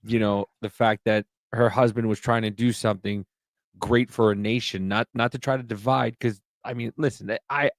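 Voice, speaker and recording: A man's voice: lowish voice, moderate pace, no echo. Guy rambling on a podcast, swears a lot, dry mic. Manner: rambling, animated, swears freely. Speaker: podcast host. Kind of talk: casual chat.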